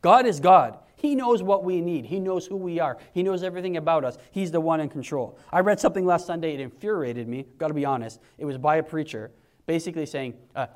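A man in his forties preaches a sermon with a fairly high voice. He talks in a lively, conversational way, dropping to a hush or rising sharply as he acts out what others say. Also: fast. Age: 40s. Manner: animated, conversational preaching, acting out quotes in hushed and raised voices.

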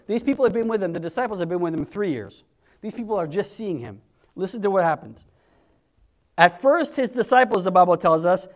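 A man preaching a conversational sermon, acting out quoted voices in an animated way. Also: high-pitched.

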